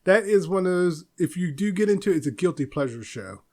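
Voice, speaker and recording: A man talks through a casual solo podcast episode. His voice sits a little higher than most men's. He rambles, restarts his sentences, and laughs to himself often. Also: lively intonation, fairly quick, darkish tone. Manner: rambling, chuckles often, loose and self-interrupting. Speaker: podcast host.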